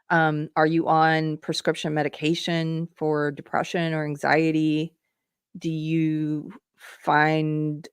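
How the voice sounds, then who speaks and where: A woman's voice: low-pitched, clean tone, no echo, clean studio sound. A middle-aged woman hosting a live commentary stream, earnestly putting rhetorical questions to her viewers. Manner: reads viewer comments aloud. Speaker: political commentary host.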